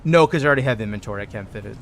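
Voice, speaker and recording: A man streaming a game live, chatting excitedly and answering messages from his chat. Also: on the low side, very fast, a little hiss or hum. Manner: excitable, chatty, keeps saying "dude". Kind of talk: casual live gameplay commentary.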